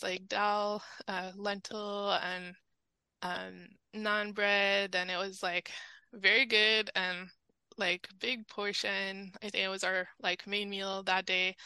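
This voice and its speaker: A woman's voice: mid-range voice, bright, forceful tone, smooth, no echo, rough recording. A woman with a French Canadian accent, a podcast guest chatting casually and filling her sentences with "like". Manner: chatty, many "like" fillers. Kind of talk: casual chat.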